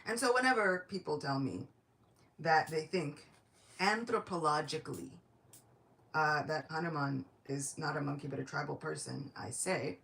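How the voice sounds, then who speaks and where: A woman giving a devotional lecture, telling a sacred story in a lively, chatty way. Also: low voice, vocal fry.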